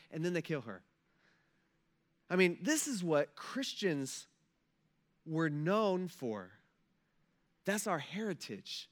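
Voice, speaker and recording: A man giving a casual, conversational sermon as a pastor, emphatic and swinging between loud and soft, acting out quoted voices. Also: a little high.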